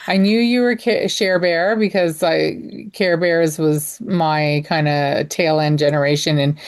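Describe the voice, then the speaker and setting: Woman, guest super fan, slightly low voice, chatty and halting. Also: fairly even intonation. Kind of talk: casual interview chat.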